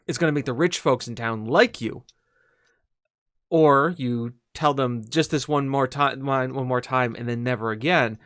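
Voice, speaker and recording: A man's voice: mid-range voice, a bit bright, dry recording, clean studio sound. A man co-hosting a casual video game podcast, talking in a rambling, hesitant way with lots of fillers and restarts. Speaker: podcast co-host. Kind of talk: casual gaming podcast chat.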